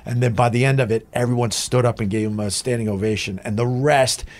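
A man's voice: medium pitch, fairly even intonation, a little fast, a little mellow. A middle-aged man, a former radio host, telling a rambling, profane story as a guest. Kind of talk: casual storytelling.

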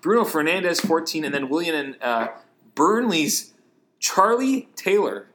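A man co-hosting a laid-back sports podcast. His voice sits a touch high, and he talks in loose, chatty runs. He laughs often and rattles off names and numbers. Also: lively intonation, measured pace, a bit bright. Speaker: podcast co-host. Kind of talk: casual sports podcast chat.

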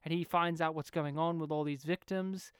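A woman's voice: sits low, steady tone, moderate pace, clean tone, no echo, studio quality. A woman co-hosting a casual film discussion, laughing often and acting out the scenes she retells. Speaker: podcast co-host.

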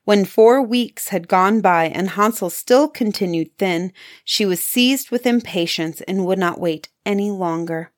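A woman reads a fairy tale aloud in an expressive storytelling voice. She pauses for drama and lets her tone dip at dark moments. Her pitch sits in a medium range.

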